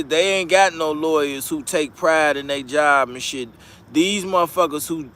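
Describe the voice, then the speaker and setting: A man's voice: on the high side, normal speed, fairly bright tone, slight background noise. A man hosting a casual live-stream commentary, talking bluntly with heavy profanity and frequent restarts. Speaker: commentary channel host.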